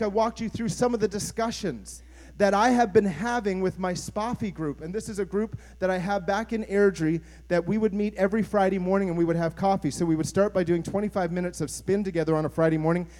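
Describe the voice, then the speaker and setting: A man's voice: high voice, fairly quick, a little mellow. A man, a pastor, preaching an earnest, conversational sermon and putting questions to his congregation.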